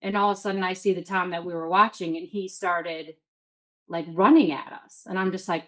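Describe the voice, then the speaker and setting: A Midwestern woman in her thirties, with a lowish, fairly bright voice and a steady tone, briskly tells a story as a guest in a casual interview. She says "like" constantly and quotes her own self-talk, and the recording is rough.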